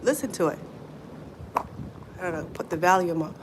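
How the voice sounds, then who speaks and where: A woman's voice: fairly low pitch, expressive, normal speed. A middle-aged woman chatting casually on a livestream from outdoors in the snow, laughing often, with wind behind her. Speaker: livestream host. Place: outdoors in snowy weather. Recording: faint wind noise outdoors.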